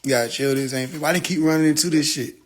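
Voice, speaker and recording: A man hosting a casual livestream, joking and laughing often, swearing freely, and swinging between loud outbursts and quiet mutters into his phone. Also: a little high, quick pace. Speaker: livestream host.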